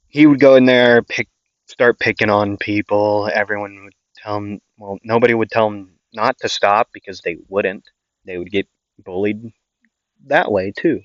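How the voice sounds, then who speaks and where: Low-voiced guy rambling thru a made-up fan story, lots of fillers, dry dull audio. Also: fairly bright tone, no echo. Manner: rambling, full of fillers and checks like okay. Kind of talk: improvised casual storytelling.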